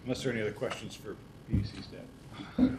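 A man's voice: lowish voice, fairly even intonation, quick pace. A man acting as mayor and chairing a council meeting with brief procedural remarks. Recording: distant mic with clear background noise.

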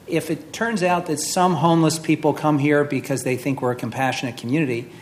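A man serving as a city official, speaking in a measured way at a hearing and insisting on his point when interrupted. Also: a little high, steady tone, slight background noise.

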